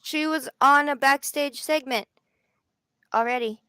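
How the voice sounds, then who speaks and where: A woman's voice: high voice, unhurried, sharp tone, no room sound. A woman from Canada co-hosting a live wrestling watch party, chatting with dry asides. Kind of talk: casual chat.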